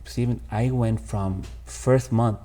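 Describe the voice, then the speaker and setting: A man's voice: mid-range voice, fairly even intonation, takes it slowly, mellow. A man, a podcast guest telling his life story candidly and emotionally, calling the host "bro". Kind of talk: casual storytelling interview.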